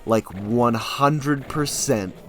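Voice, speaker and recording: A young man chatting casually to his stream audience, rambling with sudden loud, animated bursts. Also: mid-range voice, extremely slow, faint music behind. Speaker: streamer and hobby actor. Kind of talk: casual chat to a live stream.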